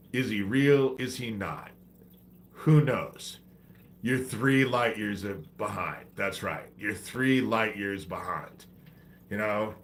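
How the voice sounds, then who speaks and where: A man's voice: lowish voice, a little hiss or hum. A man hosting a livestream, ranting in a profane, exasperated, preachy way while he has a head cold. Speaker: livestream host.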